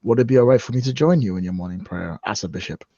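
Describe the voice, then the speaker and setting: A man's voice: fairly low pitch, fast, mellow, no room sound. A man voicing a courteous male bishop who speaks formally and measuredly. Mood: polite. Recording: muffled lo-fi recording.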